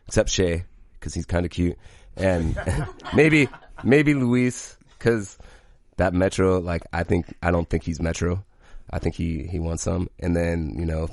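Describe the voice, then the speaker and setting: Deep-voiced man, crude and teasing. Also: gravelly, dry recording. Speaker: podcast co-host. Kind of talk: casual chat.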